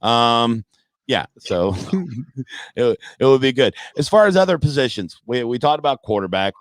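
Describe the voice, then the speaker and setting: A man's voice: mid-range voice, lively intonation, measured pace, dry recording. A brash comedian talks football with plenty of swearing and mocking asides. His voice sits in a middle register. The sound is dry and close, with no room around it. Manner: brash, profane, mocking rants. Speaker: comedian and podcast guest. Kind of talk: casual sports talk.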